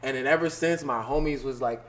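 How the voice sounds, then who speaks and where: A man's voice: medium pitch, fairly quick, a crowd in the background. A man chatting casually on a podcast, loose and full of fillers. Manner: loose, filler-heavy, keeps saying "you know what I'm saying". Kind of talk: casual chat.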